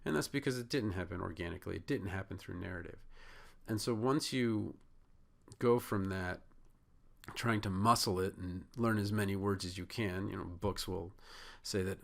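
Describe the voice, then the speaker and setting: A young man giving a casual study lesson, relaxed and chatty with frequent "uh" fillers, sometimes acting out a student's thoughts. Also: lowish voice, brisk, vocal fry. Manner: relaxed, many "uh" fillers, acts out inner thoughts. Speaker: test-prep tutor. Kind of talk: casual instructional talk.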